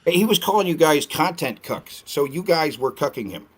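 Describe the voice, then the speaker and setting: A man talking as a guest on a casual podcast, ranting in an animated, profane way and slipping into mocking impressions. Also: fairly high pitch, normal speed, husky. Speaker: guest streamer.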